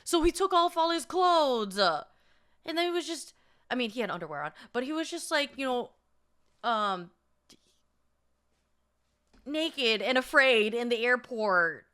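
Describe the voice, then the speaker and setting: Bright, animated young woman chatting. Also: high voice, unhurried, pauses often, clean tone. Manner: profane, animated, laughs often, acts out quotes. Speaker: vlogger. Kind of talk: casual storytelling chat.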